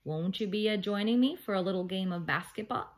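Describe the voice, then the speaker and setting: A woman's voice: fairly high pitch, very animated, moderate pace, a little mellow, pitched above the performer's own voice. A woman reading aloud and voicing a mischievous male leprechaun gym teacher in a lilting put-on Irish brogue. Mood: sly, cheery. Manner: lilting, folksy, sly.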